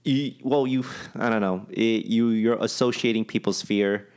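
A man's voice: fairly low pitch, steady tone, normal speed, darkish tone, smooth. A man co-hosting a podcast, chatting casually and airing loose, opinionated views with some profanity. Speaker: podcast co-host. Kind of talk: casual chat.

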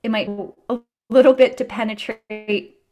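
A woman hosts a podcast in a relaxed conversation. She sounds earnest and encouraging as she talks. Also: on the high side, measured pace. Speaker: podcast host. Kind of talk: casual chat.

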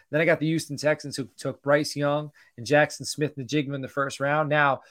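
A middle-aged man hosting a livestreamed sports show, running through picks in a chatty way and greeting viewers by name. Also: mid-range voice. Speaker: podcast host doing a mock draft. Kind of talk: casual livestream commentary.

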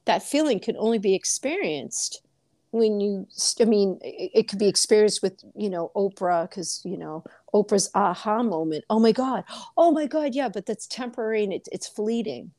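A woman chatting casually about personal growth, her voice lively and full of fillers. She slips into playful impressions of what other people say. The recording is close and dry, with no room sound. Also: mid-range voice, moderate pace, no echo. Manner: animated, acts out quotes in playful voices, many fillers. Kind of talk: casual spiritual chat.

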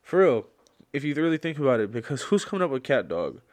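A man's voice: mid-range voice, very animated, fast. Rambling young man on a solo podcast. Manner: rambling, slangy storytelling with lots of fillers; gets loud and worked up when ranting. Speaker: podcast host. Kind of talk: casual solo podcast chat.

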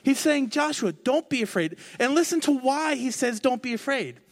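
A man's voice: extremely high pitch, lively intonation, moderate pace. A man in his thirties, a pastor giving a conversational sermon, joking at himself and acting out quoted lines. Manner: conversational, self-mocking, acts out quoted voices.

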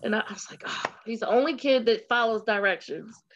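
A woman in casual chat, teasing and quick to laugh. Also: on the high side, muffled recording, slight background noise.

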